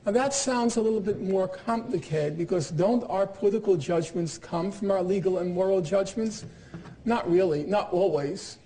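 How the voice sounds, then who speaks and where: A man's voice: high-pitched, normal speed, dark tone, rough recording. A man in his sixties giving a public lecture, emphatic and dryly sarcastic, with frequent fillers and restarts. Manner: emphatic, quotes opponents with sarcasm.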